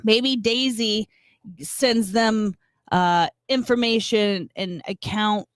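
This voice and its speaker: A woman co-hosting a casual talk show, laid-back and quick to laugh. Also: fairly high pitch, steady tone, no echo, studio quality. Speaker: co-host. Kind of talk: casual chat.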